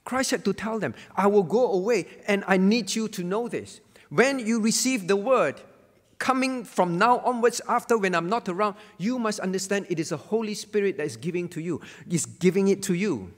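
A man with a high, lively voice teaches a Bible lesson from the pulpit. He is emphatic and repeats his key phrases for weight. His voice rings with the long reverb of a church hall. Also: normal speed. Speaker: pastor.

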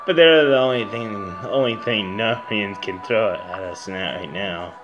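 A man voicing a stern older-brother prince in a video game, low and measured. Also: dull audio, over music, lightly acted. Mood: solemn. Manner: low, measured, solemn storytelling.

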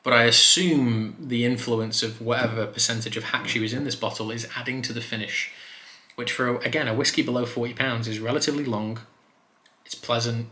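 A man talks through a whisky review in an easy, chatty way, with plenty of fillers along the way. His voice has a bright, forward edge. The room around him adds a noticeable echo. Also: mid-range voice, fairly quick. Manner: chatty, relaxed, loose with fillers. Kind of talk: casual review vlog. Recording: roomy echo.

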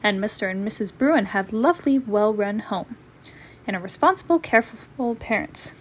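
A woman voicing a gentle, patient mother bear who speaks in a motherly way in a storybook read-aloud. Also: mid-range voice, animated, moderate pace, slightly rough.

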